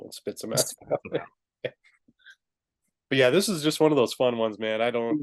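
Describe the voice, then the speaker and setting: A man co-hosting a casual movie review, his voice sitting at a middle pitch. He retells scenes with laughs and jumps into quick high voices to quote the characters. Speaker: podcast co-host. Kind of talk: casual film review chat.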